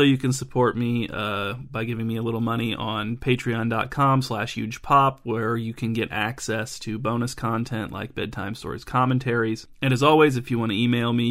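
A podcast host reads a bedtime story in a calm, unhurried way. He has a head cold, and his voice sounds stuffy and a little thick. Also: mid-range voice, creaky.

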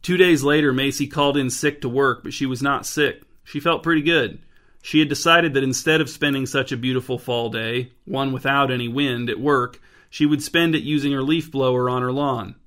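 Deadpan male storyteller. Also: medium pitch, normal speed. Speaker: narrator. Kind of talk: scripted narration.

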